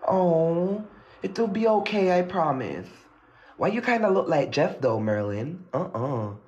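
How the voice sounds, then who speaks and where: A nervous, theatrical man chatting on a phone live stream, his voice sitting a little high. The sound is echoey and dull, picked up by a phone leaning against a mirror. He swings between jittery fear and gushing thanks to his viewers. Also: very animated, unhurried, darkish tone. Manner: dramatic, jittery, gushes at viewers. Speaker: livestream host. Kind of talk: casual live-stream chat. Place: dim room at home at night. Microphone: phone propped against a mirror.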